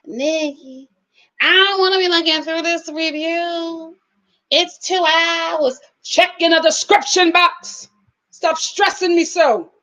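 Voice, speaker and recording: A woman's voice: very high voice, slow pace, sharp tone, pitched above the performer's own voice, full character voice. A woman voicing an older woman who scolds in a put-on foreign-sounding accent, on a muffled livestream recording. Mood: exasperated.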